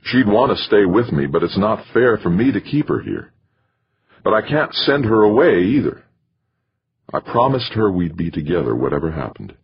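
A man's voice: lowish voice, very animated, normal speed, breathy edge, pitched above the performer's own voice, exaggerated voice. A man voicing an anxious, earnest male scientist, in a dull lo-fi audiobook recording.

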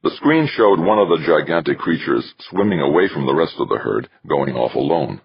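A man narrating an audiobook in measured, scripted delivery. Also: extremely low pitch, lively intonation, vocal fry, breathy edge. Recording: dull, dry lo-fi recording.

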